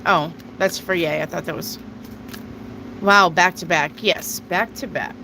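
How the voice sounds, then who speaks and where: A woman's voice: on the low side, steady tone, measured pace, vocal fry, noisy background. A woman hosting a casual live tarot reading, chatty, reading viewer questions aloud and answering them. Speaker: tarot reader.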